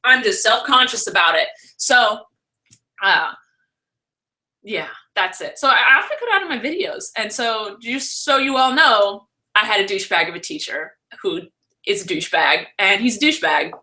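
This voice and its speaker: Young woman vlogger, bright lively voice, ranting live stream chat. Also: mid-range voice, moderate pace. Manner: animated, ranting, frequent laughter.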